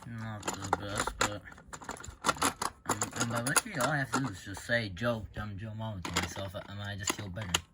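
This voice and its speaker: A man's voice: lowish voice, a little fast. Sarcastic young man, noisy amateur recording. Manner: sarcastic, rambling, stammering restarts. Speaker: amateur voice actor. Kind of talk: fan animation voice acting. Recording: loud background noise with typing clicks.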